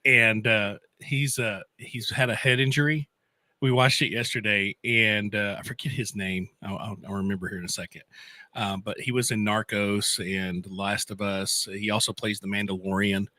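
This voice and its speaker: A man co-hosting a radio show, chatting casually and telling animated stories with frequent laughter. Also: fairly low pitch, moderate pace, dry recording. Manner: animated storyteller, laughs often. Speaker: radio co-host. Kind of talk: casual on-air banter. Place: radio studio.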